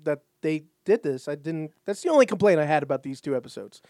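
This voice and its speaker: A man's voice: a little high, lively intonation, fast, warm tone, no echo, studio quality. A man co-hosting a podcast in casual recap chat, often repeating words as he starts a thought and laughing easily. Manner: stammering restarts, laughs easily. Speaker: podcast co-host.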